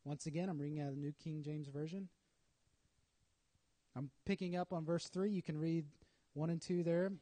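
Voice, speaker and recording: A man's voice: on the high side, fairly even intonation, normal speed, long pauses, warm tone. A man preaching a sermon, telling a story dramatically with acted asides.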